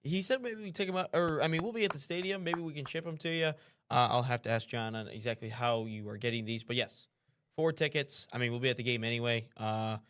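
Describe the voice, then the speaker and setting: A man's voice: mid-range voice, fast, fairly bright tone, clear, resonant tone. A man co-hosting a live show, talking in an easygoing, chatty, upbeat way. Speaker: co-host. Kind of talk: casual live show chat.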